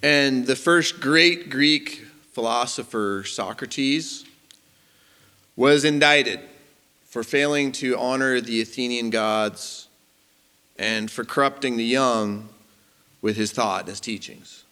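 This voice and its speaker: A man preaching a sermon as pastor, animated and rising to emphasis. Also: medium pitch, slow pace, clean tone. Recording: long hall reverb.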